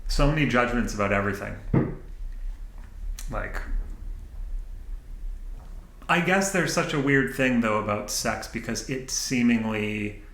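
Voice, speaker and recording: A man's voice: medium pitch, fairly bright tone, echoey room, low-quality recording. Self-mocking man rambling to camera. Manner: self-mocking, laughs often, talks back to his own thoughts. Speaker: channel host. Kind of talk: rambling unedited monologue. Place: indoor room, sitting at camera.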